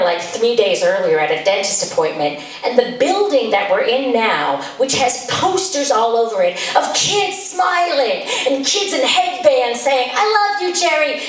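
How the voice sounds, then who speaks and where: A woman's voice: fairly high pitch, heavy reverb, distant mic, poor audio. A woman telling a comic story to an audience, chatty and exasperated, slipping into voices for the people she describes. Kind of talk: live storytelling set.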